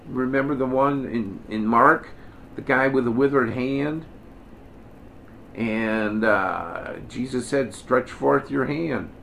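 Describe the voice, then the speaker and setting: Casting: a blunt, folksy man leading a casual Bible study in a mid-pitched voice, with a faint hiss behind him. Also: gravelly, fairly bright tone. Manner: folksy, blunt, acts out the Pharisees mockingly. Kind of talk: informal Bible teaching.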